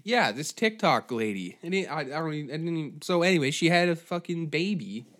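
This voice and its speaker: A man hosting a podcast who rants in a profane, rambling, animated way. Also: fairly high pitch, fairly quick. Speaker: podcast host. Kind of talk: comedic rant.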